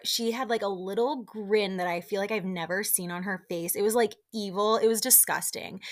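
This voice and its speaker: Chatty young woman gossiping. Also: mid-range voice. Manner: animated, gossipy, lots of "like" fillers. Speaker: podcast host recapping a reality show. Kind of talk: casual chat.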